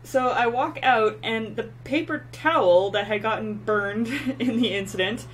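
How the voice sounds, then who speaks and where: A woman co-hosting a casual talk show tells stories with lots of animation. She gets loud as she acts out her anger. A faint noise and hum sit behind her voice. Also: fairly high pitch, measured pace, poor audio. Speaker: podcast co-host. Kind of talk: casual storytelling chat.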